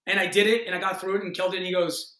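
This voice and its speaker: A man in his thirties, an actor, telling a story in a casual interview with excited energy, acting out quotes and swearing freely. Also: sits high, very fast, echoey room. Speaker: actor guest.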